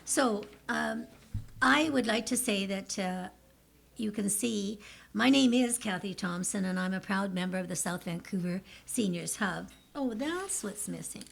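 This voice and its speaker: A woman's voice: medium pitch, steady tone, unhurried, creaky. A woman in her seventies giving an emotional, chatty presentation to a city for a seniors group. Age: 70s. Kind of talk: public presentation.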